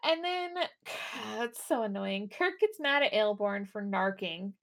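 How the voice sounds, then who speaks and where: A woman's voice: medium pitch, expressive, gravelly, a bit bright. A woman co-hosting a podcast in casual chat, laughing often and swearing freely as she recaps an episode. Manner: laughs often, swears freely, acts out characters in quick asides. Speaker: podcast co-host.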